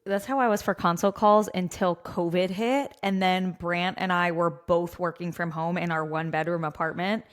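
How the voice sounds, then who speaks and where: Woman guest voice, slightly low pitch, lively anecdotal delivery. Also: moderate pace, hardly any pauses. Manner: storytelling, laughing, lively. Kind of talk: casual podcast chat.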